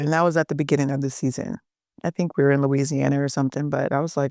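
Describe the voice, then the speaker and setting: A woman's voice: sits low, brisk, long pauses, no echo, clean studio sound. A young adult woman, a guest on a casual podcast interview, telling stories animatedly and laughing often. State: pregnant. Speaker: guest, softball pitcher.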